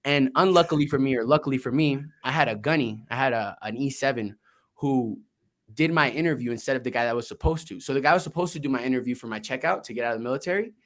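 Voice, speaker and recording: A young man tells his story as an interview guest, blunt and energetic with plenty of swearing. His voice sits in an ordinary middle pitch. He talks casually, with restarts and quick asides. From Colombia, raised in Florida. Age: young adult. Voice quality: energetic, candid, swears freely. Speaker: guest, investor and Marine veteran.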